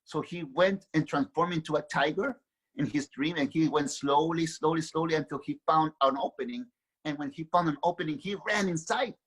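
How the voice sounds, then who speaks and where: A man's voice: on the high side, normal speed, breathy edge, poor audio. A man, an author and guest, telling a spiritual story earnestly and repeating words as he builds his thoughts.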